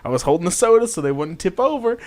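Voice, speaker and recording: A young man in his twenties chatting with a friend on a podcast. His voice jumps around in pitch as he stumbles through a story. The sound is dry and close. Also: animated, fast, darkish tone, no room sound. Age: 20s. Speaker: podcast co-host. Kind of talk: casual chat.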